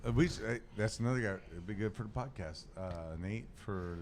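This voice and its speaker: A man's voice: fairly low pitch, fairly quick, a little mellow. Rambling Midwestern man telling a bar story. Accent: Midwestern American. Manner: rambling storyteller, swears freely. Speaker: podcast host. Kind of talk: casual comedic chat.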